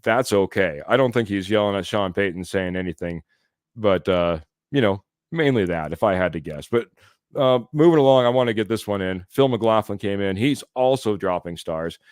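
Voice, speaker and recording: A man hosts a live sports podcast, reading out viewer comments and chuckling along as he goes. His voice sits on the low side and sounds smooth and resonant. The sound is dry and close to the mic. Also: expressive, moderate pace, a little mellow, no room sound. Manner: chatty, laughs often, reads comments aloud. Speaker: podcast host.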